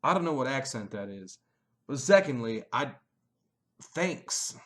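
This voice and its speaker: A young man hosting a casual Q&A, cursing often and swinging between mumbled asides and sudden shouted bursts. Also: mid-range voice, very animated, measured pace. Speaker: page admin answering fan questions. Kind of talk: casual profane Q&A chat.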